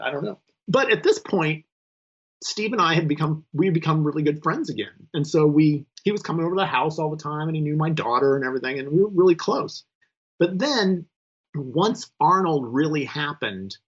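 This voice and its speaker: A man's voice: on the high side, slightly rough. A man being interviewed who candidly recalls his frustration with a colleague. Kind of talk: oral-history interview recollection. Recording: somewhat dull, lo-fi audio.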